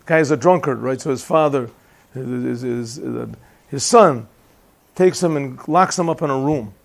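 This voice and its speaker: A man's voice: medium pitch, moderate pace, creaky. A man teaching a Chassidic class as a rabbi, conversational and joking, often asking the listeners questions. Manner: conversational, asks listeners questions, tells jokes. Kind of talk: Chassidic lecture with jokes. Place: yeshiva classroom.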